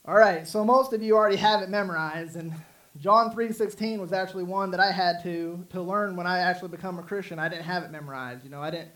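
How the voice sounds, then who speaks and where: A man's voice: high voice, quick pace, a bit bright, low-quality recording. A man preaching a sermon in an earnest, rambling way, with many restarts. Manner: earnest, repetitive with frequent restarts and fillers. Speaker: pastor.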